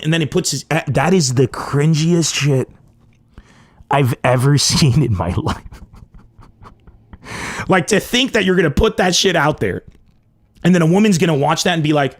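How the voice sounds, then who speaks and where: A man hosting a comedy podcast, riffing in an emphatic, profane monologue that swings between loud bursts and low asides. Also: normal speed.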